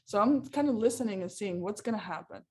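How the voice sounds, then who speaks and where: A woman's voice: medium pitch, animated. Woman, 40s, podcast co-host, chatty storyteller with plenty of ums and restarts, mid-range voice. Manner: storytelling, halting with many fillers. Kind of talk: casual podcast chat.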